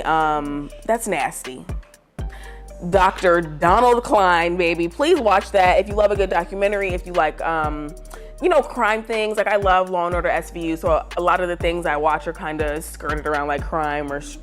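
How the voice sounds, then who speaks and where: A young woman vlogging casual celebrity gossip to camera, slangy and dramatic with lots of fillers. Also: on the low side. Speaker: vlogger giving pop culture opinions.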